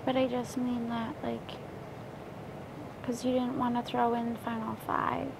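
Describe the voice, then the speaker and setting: A woman's voice: a little high, completely flat delivery, unhurried, gravelly, noisy background. A young woman giving short, hesitant replies in casual strategy talk. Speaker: reality show contestant.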